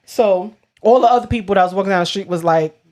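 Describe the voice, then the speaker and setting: A woman co-hosting a podcast, casually recapping a book chapter with animated storytelling, slangy asides and playful swearing. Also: medium pitch, normal speed. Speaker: podcast co-host.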